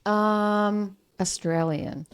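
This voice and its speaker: A woman's voice: mid-range voice, steady tone, drawn-out words, a little hiss or hum. Give me a teasing, playful woman co-host in a mid-range voice. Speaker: podcast co-host. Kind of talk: casual chat.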